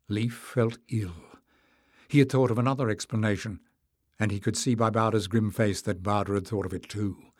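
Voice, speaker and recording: In a measured storytelling manner, a man narrates an audiobook from a script. His voice is medium in pitch, and the studio sound is clean with no echo.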